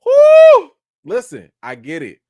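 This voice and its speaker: A man of Haitian background hosting a casual livestream review, talking to viewers in a playful, animated way. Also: a little high, measured pace, no echo. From Haitian family. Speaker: host.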